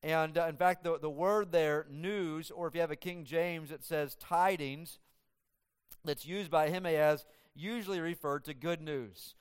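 A man preaching through a scripture passage in a slightly higher voice with a smooth, resonant tone. He is animated and acts out the characters' dialogue in shifting voices as he teaches. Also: measured pace. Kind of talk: expository sermon.

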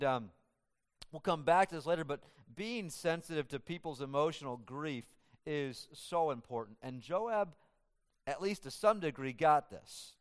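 A man preaching an expository sermon, animated, acting out the dialogue of the story in changing voices. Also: fairly high pitch, smooth.

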